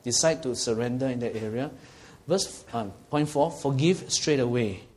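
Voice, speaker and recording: A man's voice: mid-range voice, moderate pace, darkish tone, slight background noise. A man preaching a sermon, earnestly teaching and asking his listeners questions. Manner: earnest and teaching, asks the audience questions, often checks with "okay?".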